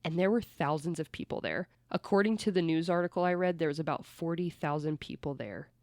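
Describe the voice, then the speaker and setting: Podcast host, mid-pitched, chatty true-crime storyteller who swears freely; dry, close recording. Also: a little fast, a little mellow, no room sound.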